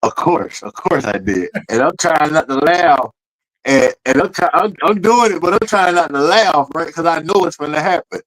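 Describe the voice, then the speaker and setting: A man who tells a family story in casual chat. He talks loose and full of slang and swearing, and his voice sits a little high for a man. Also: moderate pace, rough recording. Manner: animated storyteller with slang and profanity. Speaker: podcast co-host.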